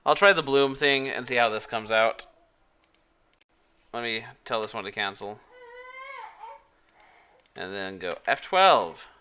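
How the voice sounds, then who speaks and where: A man's voice: medium pitch, takes it slowly, pauses often, bright, forceful tone, slight background noise. A man from Utah streaming live, chatting casually and thinking aloud with hesitant restarts as he works. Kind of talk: casual live-stream chat while working.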